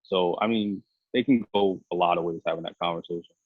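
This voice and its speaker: Low husky man on a tinny line. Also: brisk, no room sound. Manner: earnest, rambling explanations full of restarts. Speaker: police officer and podcast co-host. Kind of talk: casual podcast discussion. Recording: dry, tinny phone-like line.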